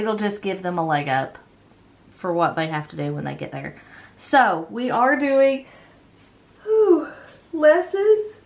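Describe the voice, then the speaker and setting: A woman in her thirties chatting casually while decorating a planner, rambling with lots of ums and self-corrections, a little tired. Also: fairly low pitch. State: yawning, a bit tired. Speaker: planner vlogger.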